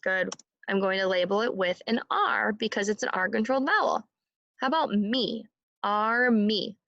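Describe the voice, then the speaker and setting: A woman teaching a phonics lesson to young children, speaking slowly and clearly and modeling sounds for the class to repeat. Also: mid-range voice, a bit bright, lo-fi sound.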